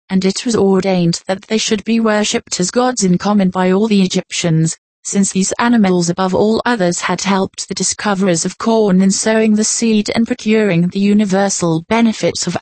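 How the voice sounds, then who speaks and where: A woman reading an old nonfiction text aloud in a measured, formal narration. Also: medium pitch, darkish tone, no echo. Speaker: audiobook reader.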